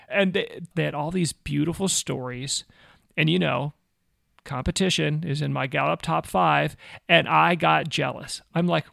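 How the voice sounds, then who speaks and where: A man in his forties, a former missionary, telling a personal story in a casual, animated way with self-mocking asides. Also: a little high, normal speed, gravelly, dry recording, clean studio sound.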